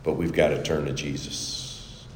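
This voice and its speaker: A man preaching a sermon, dropping to a hush for scripture quotes and rising loud for emphatic asides. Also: rumbling low, flat delivery, unhurried, slight background noise. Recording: echoey hall with faint ambience.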